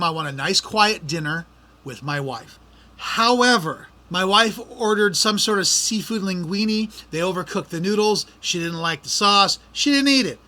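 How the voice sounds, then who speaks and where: A man's voice: high voice, sharp tone. A middle-aged man hosting a podcast, complaining in an exasperated, ranting way. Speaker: podcast host. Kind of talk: casual podcast monologue.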